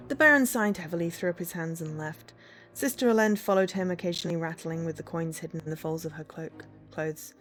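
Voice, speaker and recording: A woman streamer reads the narration of a story game in a plain, steady voice. Her pitch sits fairly low. Faint music plays underneath. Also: a little fast. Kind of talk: narrating a visual novel on stream.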